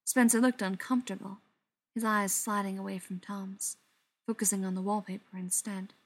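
A woman reads a novel aloud in an even, mid-pitched voice. Her delivery is steady and dramatic, and some quieter passages sink to a near whisper. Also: normal speed. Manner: steady, dramatic reading with soft, hushed passages. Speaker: narrator. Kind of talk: audiobook narration.

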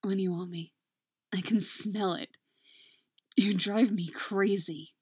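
A woman voicing a devoted male lover who speaks hoarsely and low. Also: fairly even intonation, takes it slowly, a little mellow, no room sound, studio quality.

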